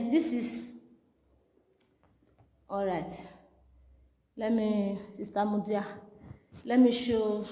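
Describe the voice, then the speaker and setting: A woman's voice: mid-range voice, darkish tone, echoey room, in a large hall. A Nigerian woman vlogger doing a comic skit monologue in a mock-soothing tone, repeating herself often.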